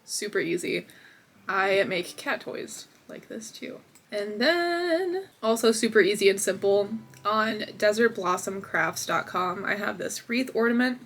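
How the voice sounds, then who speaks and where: A woman's voice: medium pitch, unhurried, a bit bright. A young woman hosting a crochet video, chatting casually and upbeat from her home office with lots of fillers. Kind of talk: casual vlog chat.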